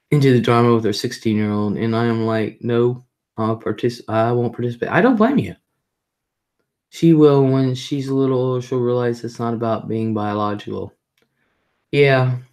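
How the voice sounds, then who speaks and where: Warm and bass-voiced, this middle-aged livestream host reads out viewer comments and tells family anecdotes in a chatty style. She repeats things for emphasis and imitates relatives' voices when recounting those moments.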